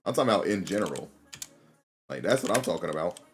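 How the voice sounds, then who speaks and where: Male live streamer, slightly low, very lively pitch, relaxed slangy banter. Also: fast, a little hiss or hum. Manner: laid-back slangy banter, laughs often. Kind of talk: casual live-stream chat while gaming.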